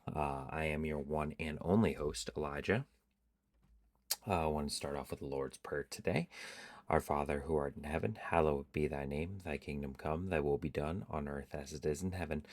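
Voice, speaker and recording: Super deep-voiced guy, sleepy, casually reading bible verses on his podcast, lots of ums. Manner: relaxed, halting, with fillers. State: tired, yawning. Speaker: podcast host.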